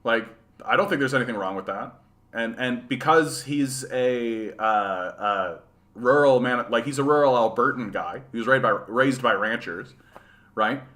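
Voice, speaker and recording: A man from rural Manitoba hosting a casual livestream chat. His voice is bright and forward, and he rambles in loose, sarcastic asides, often ending his points with "right?". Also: mid-range voice, measured pace. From rural Manitoba, Canada. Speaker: livestream host. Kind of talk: casual livestream chat reading viewer comments.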